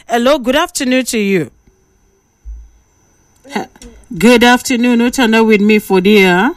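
A woman radio presenter speaking with a Nigerian Pidgin accent, lecturing listeners and bantering with callers in a lively, preachy way. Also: a little high, a little slow, pauses often, no room sound, clean studio sound. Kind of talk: call-in radio talk.

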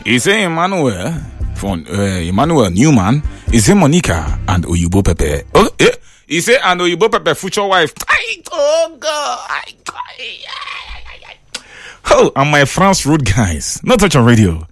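A man with a Nigerian accent hosting a radio show, reading out listener greetings in a casual, lively way with frequent laughs and exclamations. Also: mid-range voice, moderate pace, slightly rough, soft background music. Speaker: radio host. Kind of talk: casual radio shout-outs in Pidgin.

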